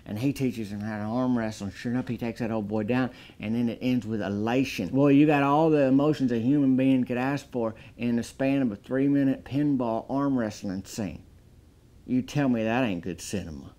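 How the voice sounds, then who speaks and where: A man giving a deadpan comedic movie review, talking in a folksy drawl and building up exaggerated hype. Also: mid-range voice, normal speed.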